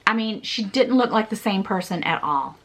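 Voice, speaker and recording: A woman's voice: mid-range voice, lively intonation, normal speed, a bit bright. A woman in her forties, a vlogger telling a personal story in an earnest, repetitive way with small laughs.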